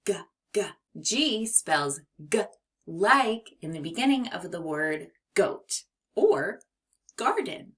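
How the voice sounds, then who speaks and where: A woman teaching young children a phonics lesson, speaking clearly and encouragingly. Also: medium pitch, a bit bright. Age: adult.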